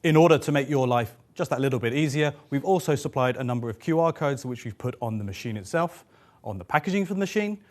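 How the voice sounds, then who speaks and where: A man demonstrating a power tool, his pitch rising and falling with lively energy. He explains each step clearly and upbeat, like a presenter walking viewers through a product. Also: quick pace.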